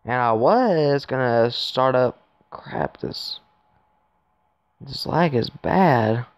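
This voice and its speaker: Slow, gravelly man narrating gameplay. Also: medium pitch, animated, no echo. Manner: rambling, chatty, talks to viewers while playing. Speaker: gaming YouTuber. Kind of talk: casual gameplay commentary. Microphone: phone.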